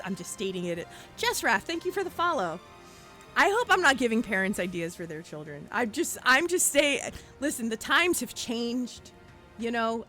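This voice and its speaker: A young woman streaming a game, chatting casually and telling animated stories with frequent laughter and casual cursing. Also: a little high.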